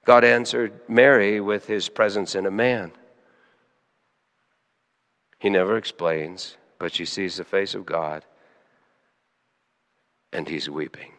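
A man preaching a sermon, dropping to hushed, quiet lines and then rising sharply into loud, high emphasis. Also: steady tone, slow, long pauses, long reverb tail. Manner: emotional, swings between soft hushed lines and sudden loud high emphasis. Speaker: pastor.

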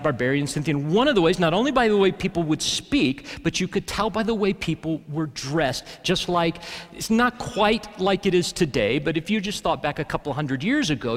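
A man delivers a sermon to his congregation, talking casually and then climbing to emphatic peaks. His voice sits high and moves very freely in pitch. The sound carries the long reverb of a church sanctuary. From Alabama, US South. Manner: conversational preaching, rises to emphatic peaks. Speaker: pastor.

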